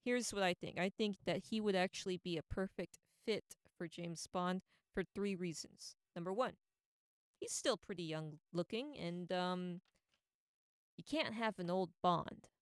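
A woman's voice: on the low side, a little slow, smooth, no room sound, clean studio sound. A woman giving casual, opinionated commentary on film casting, rambling with many fillers and restarts. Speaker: entertainment commentator.

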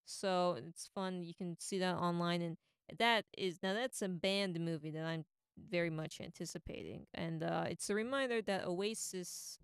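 A woman with a lowish voice talks through her opinions in a loose, rambling, chatty way. Her tone is smooth and clean. The recording is dry and close, with no room sound. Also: normal speed, no room sound. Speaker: pop culture commentator. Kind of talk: casual opinion monologue.

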